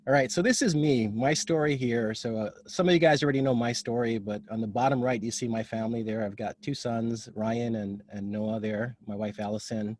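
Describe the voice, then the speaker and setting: A man's voice: medium pitch, steady tone, a little mellow. A man from Hawaii, giving a casual, open talk as a guest speaker over a video call. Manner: casual, open, talks in quick bursts. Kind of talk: informal talk.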